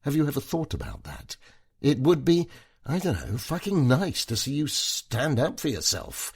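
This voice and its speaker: A sharp-tongued, tipsy corporate wife who mocks her husband, her words slurring. A man puts her on with a pitch that rises and falls a lot over a gravelly, husky grain. She taunts and lectures without letting up. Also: big pitch swings, normal speed. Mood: taunting.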